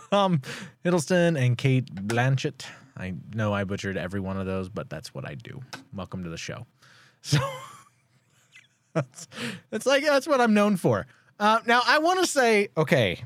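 A podcast co-host in casual chat, giggly and animated when telling a story, and quick to poke fun at themself. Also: mid-range voice, dry recording, studio quality.

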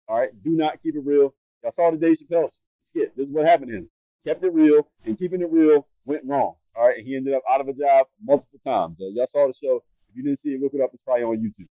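American male podcast host, rapid blunt delivery, mellow dark tone, dry close sound. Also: mid-range voice, no echo, poor audio. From United States. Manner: fast, blunt and emphatic, repeating points. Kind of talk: advice podcast monologue.

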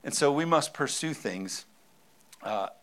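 A man's voice: mid-range voice, lively intonation, unhurried, fairly bright tone. A man in his thirties, a pastor preaching a sermon with emphasis and often calling out for an amen.

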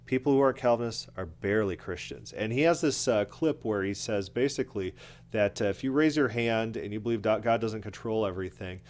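A man's voice: on the low side, a little fast, a little mellow. A man delivering combative, scornful commentary, often repeating words as he rants. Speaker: commentary video host. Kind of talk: opinionated commentary.

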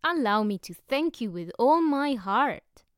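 A woman voicing a polite, eccentric foreign man who speaks in drawn-out, squeaky exclamations in an audiobook reading. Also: lively intonation, clean tone, dry recording, studio quality. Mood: delighted. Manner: effusive and overly polite.

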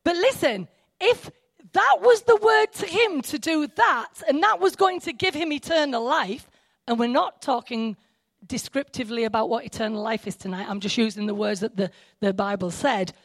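A woman preaching a sermon, excitable and full of asides and self-interruptions. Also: high-pitched, moderate pace, no echo.

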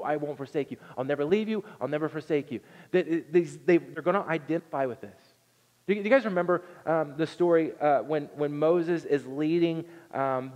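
A man preaching a sermon, telling the story with earnest energy and swinging from loud to hushed. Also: fairly high pitch, muffled recording. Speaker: pastor. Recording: long reverb in a large hall.

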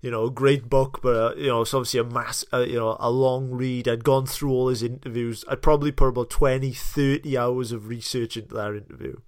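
A man from South Wales with a Welsh accent, co-hosting a podcast and telling anecdotes in a lively, casual way. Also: mid-range voice, brisk, few pauses, no echo, clean studio sound. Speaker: podcast co-host. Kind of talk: casual chat.

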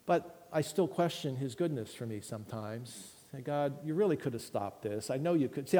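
A man preaching a sermon in an earnest, emphatic way, dropping to a hush at times. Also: medium pitch. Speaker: pastor. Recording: long hall reverb.

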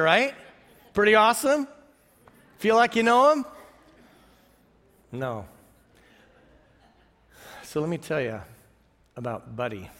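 A middle-aged man preaching a sermon, telling stories in a lively way, chuckling often and asking the audience questions. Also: sits high. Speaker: pastor. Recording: reverberant hall.

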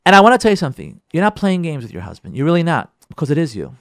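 A middle-aged man gives an emphatic talk on marriage as a rabbi and counselor. His voice is fairly high and swoops all over, as he speaks straight to his listeners. The sound is close and dry. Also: rapid-fire, dry recording. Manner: lively, acts out spouses' quarrels in dialogue; addresses the audience directly, emphatic and repetitive. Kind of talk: lecture on marriage.

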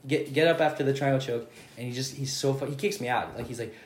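A man's voice: mid-range voice, quick pace. A man who is a guest on a podcast, telling a rambling, profane story in casual chat. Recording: roomy echo.

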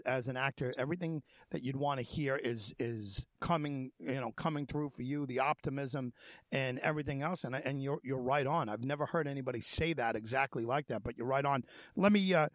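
A middle-aged man hosting an interview, talking haltingly with many fillers and restarts. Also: medium pitch, a bit bright, dry recording. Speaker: interview host. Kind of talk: radio-style interview.

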